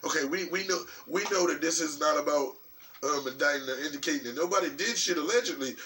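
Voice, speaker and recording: Man animated, profane vlogger from New York. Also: on the high side, fast. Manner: animated, profane, rambling with many restarts. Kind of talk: casual commentary vlog. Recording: distant mic with faint background noise.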